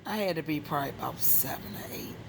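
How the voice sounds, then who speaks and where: A woman from Maryland casually telling a personal story, animated and frank with profanity, often dropping into a hushed whisper. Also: sits low, fast talker, creaky, noisy background. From Maryland, USA.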